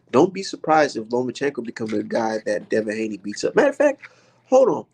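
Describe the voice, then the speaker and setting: A man rants about boxing in a rough, gravelly voice with a husky edge. He swears constantly and talks heatedly, like he is venting to friends. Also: mid-range voice, a little mellow. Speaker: boxing vlogger. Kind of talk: casual profane rant. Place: indoors, maybe art studio.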